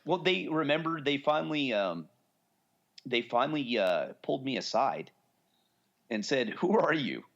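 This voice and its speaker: A man's voice: medium pitch, big pitch swings, measured pace, vocal fry, long pauses, a bit bright, highs cut off. A man in his forties co-hosting a podcast, telling long stories in casual chat and acting out what people said. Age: 40s. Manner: rambling storyteller, acts out quoted voices. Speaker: podcast co-host.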